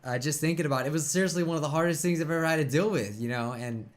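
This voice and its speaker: A man hosting his own reaction channel talks casually about losing a pet. His voice is choked and tearful, and he rambles with halting restarts. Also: fairly high pitch. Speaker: YouTube reaction host. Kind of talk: emotional casual reaction talk.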